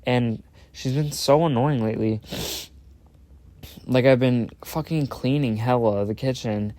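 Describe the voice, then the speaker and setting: A man's voice: medium pitch, unhurried, mellow. A young man hosting his own podcast, rambling in casual chat, swearing and cutting himself off mid-sentence. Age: young adult. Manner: rambling, sweary, self-interrupting. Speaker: podcast host.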